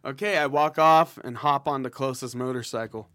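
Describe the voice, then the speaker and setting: A man's voice: medium pitch, moderate pace, a bit bright, dry recording, studio quality. A young man playing a text adventure, goofy and laughing, describing his actions in the first person. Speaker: player.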